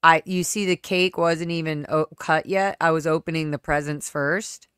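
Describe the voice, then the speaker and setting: A woman's voice: deep voice, steady tone, moderate pace, fairly bright tone, clear, resonant tone, no echo, studio quality. A woman hosting a livestream, telling a personal story in a casual, candid, rambling way that often trails off and restarts. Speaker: livestream host.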